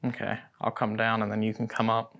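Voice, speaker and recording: A man hosting a paranormal investigation, narrating and calling out slow, pointed questions to spirits inside an old house at night. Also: fairly low pitch, monotone, vocal fry, fairly bright tone. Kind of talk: ghost-hunting vlog narration and calling out.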